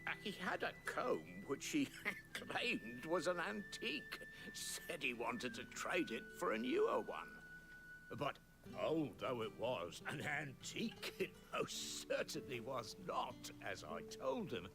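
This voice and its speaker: A man's voice: mid-range voice, huge pitch swings, unhurried, creaky, full character voice. An actor playing a fussy, pompous male trader who speaks with indignant hesitation. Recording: game audio with music. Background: game music.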